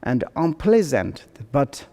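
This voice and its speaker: Slow, halting older male Buddhist teacher. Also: medium pitch, big pitch swings, mellow. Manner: halting, searching for words in second-language English. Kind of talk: dharma teaching. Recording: long hall reverb.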